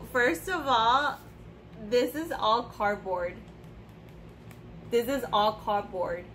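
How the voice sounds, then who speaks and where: A woman's voice: fairly high pitch, a little hiss or hum. A young woman casually unboxing beauty products on her vlog, ranting bluntly and swearing freely. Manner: profane, blunt, animated ranting. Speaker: beauty vlogger.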